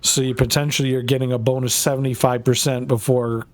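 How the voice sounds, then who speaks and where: Male streamer, medium pitch, casual and rambling, swears freely while he games. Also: little pitch movement, fairly quick, no room sound. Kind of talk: casual live-stream chat while gaming.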